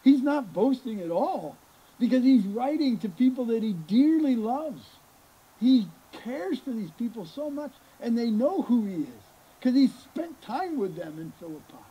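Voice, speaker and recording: Guy pastor preaching outdoors, husky mellow voice, real emphatic, keeps asking the crowd stuff. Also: very high-pitched, sing-song, unhurried, low-quality recording. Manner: emphatic, repeats words for stress, asks the listeners questions. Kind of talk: sermon.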